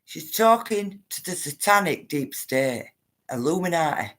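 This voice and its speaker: Chatty woman, low-pitched. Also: animated, measured pace, fairly bright tone. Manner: chatty, rambling, addresses viewers as guys and love. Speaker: livestream host reading viewer comments. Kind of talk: casual livestream chat to viewers.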